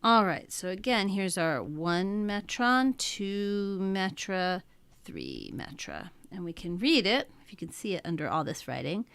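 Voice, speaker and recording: Woman teacher, methodical lecture, slow and unhurried, dry close sound. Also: medium pitch, very animated, a bit bright, clean tone, no room sound. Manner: methodical, talking through each step. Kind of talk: classroom lecture.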